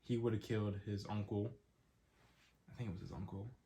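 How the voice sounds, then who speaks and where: A man's voice: on the low side, flat delivery, normal speed, warm tone. Stuffy-nosed young man rambling. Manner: rambling, lots of "um" fillers. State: stuffy nose. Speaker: podcast host. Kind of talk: casual solo podcast chat.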